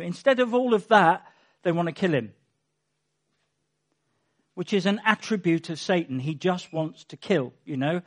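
A man's voice: high voice, animated, normal speed, long pauses. A man giving a conversational sermon as a Bible teacher, emphatic, with wry asides.

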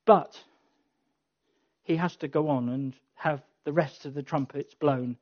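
Preacher, sermon and prayer, conversational, wry, builds to passion, middling pitch, muffled lo-fi recording. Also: fairly even intonation, measured pace. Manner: conversational, wry asides, rising to emphatic passion.

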